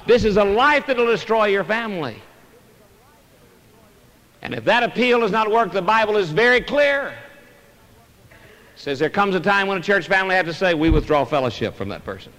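A man's voice: high voice, a bit bright, long reverb tail. A man preaching a sermon as pastor of a church, earnest and emphatic, pressing each point home. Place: church sanctuary.

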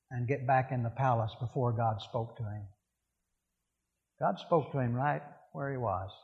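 A man's voice: mid-range voice, in a large hall, dull audio. A man preaching a sermon in a conversational, emphatic, repetitive style.

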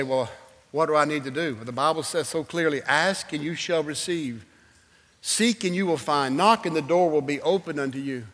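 A man preaching a sermon, telling a personal story with animated swings from loud exclamations to a hushed altar call. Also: a little high, moderate pace. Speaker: guest preacher. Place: church sanctuary. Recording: long hall reverb.

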